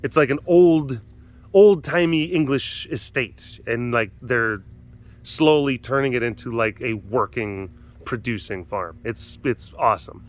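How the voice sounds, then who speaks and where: A man's voice: medium pitch, unhurried. A man hosting a webcast from an animal compound outdoors, chatting in a rambling way with lots of fillers, laughing often and acting out quotes. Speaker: host of a wild animal facility webcast. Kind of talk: rambling casual chat.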